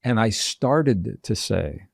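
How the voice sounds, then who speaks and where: A man being interviewed as a guest author, telling personal stories and explaining ideas in a measured, earnest way. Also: fairly low pitch, expressive, creaky, dry recording, clean studio sound. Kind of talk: reflective interview storytelling.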